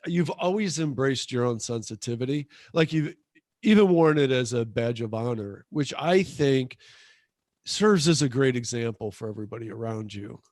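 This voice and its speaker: A man's voice: mid-range voice, lively intonation, moderate pace, a little mellow, no echo. Supportive middle-aged man, dry close sound. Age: 50s. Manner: supportive, lots of short agreements. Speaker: podcast co-host. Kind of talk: casual chat.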